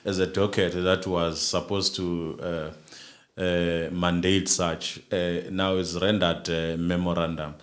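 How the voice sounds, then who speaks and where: Man, very deep voice, hesitant, many fillers, live-stream commentary. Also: flat delivery. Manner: halting, many repeated words and fillers. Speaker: livestream co-host commenting on a court case.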